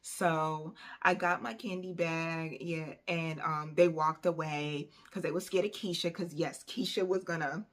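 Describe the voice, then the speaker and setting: Woman vlogger, storytime, animated and chatty, low pitch, bright edge. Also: measured pace, few pauses. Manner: animated, conversational, lots of fillers. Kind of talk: storytime vlog.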